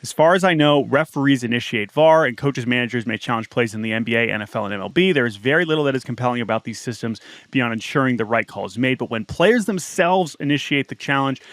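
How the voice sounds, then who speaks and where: A man co-hosting a casual sports podcast, talking in halting bursts with repeated words and reading listener email aloud. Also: medium pitch, fairly bright tone, dry recording, studio quality. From United States. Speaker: podcast co-host. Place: small-town home studio.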